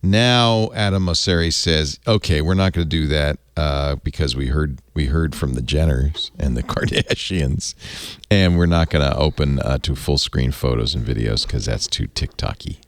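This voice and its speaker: A man's voice: very deep voice, normal speed, dry recording, clean studio sound. A middle-aged man hosting a tech panel show, telling jokey stories in casual chat. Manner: jokey, animated storyteller. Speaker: host.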